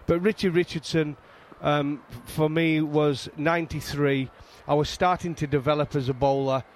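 A man's voice: fairly high pitch, normal speed, slight background noise. Chatty Yorkshire man telling stories. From England. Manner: animated storytelling, frequent restarts. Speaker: guest, former fast bowler. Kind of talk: casual chat.

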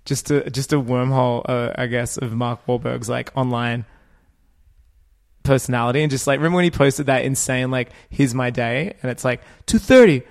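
A man co-hosting a podcast in casual chat, joking and swearing, quick to laugh. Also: mid-range voice, steady tone, creaky. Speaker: podcast co-host.

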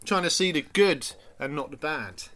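A man's voice: on the high side, animated, moderate pace, a bit bright. A man in casual chat, rambling enthusiastically about a film and acting out quotes.

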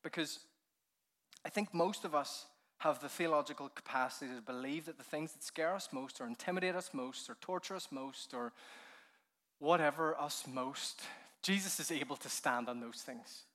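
A man preaching a keynote sermon, telling the story with animated energy, laughing often, sometimes dropping to a hush and then building up with fervor. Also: on the high side, moderate pace. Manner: laughs often while speaking. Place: conference hall.

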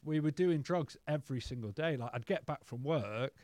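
A man's voice: on the high side, moderate pace, darkish tone, dry recording. A man telling his own stories as a podcast guest, in a loose, rambling way, swearing freely and calling everyone "mate". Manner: peppers speech with "mate" and swearing. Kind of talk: candid casual storytelling.

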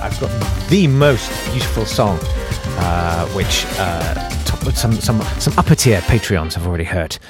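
Man, podcast host, wry rambling storyteller, mid-pitched voice, music clearly behind him. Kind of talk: casual solo podcast monologue.

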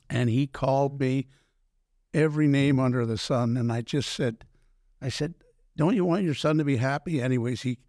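An older man, a former pro hockey player telling animated stories in an interview, acting out quoted dialogue and often restarting his sentences. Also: fairly high pitch, vocal fry, no room sound, studio quality. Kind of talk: storytelling in a podcast interview.

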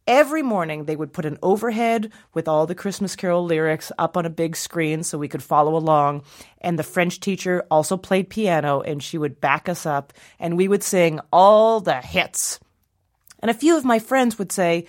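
Woman telling a comic story, animated. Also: on the low side, normal speed. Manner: animated, acts out voices in the story.

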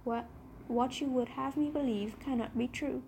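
A woman's voice: high-pitched, steady tone, moderate pace, creaky, a little mellow, a little hiss or hum. Woman reading as a stubborn merchant's wife. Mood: insistent.

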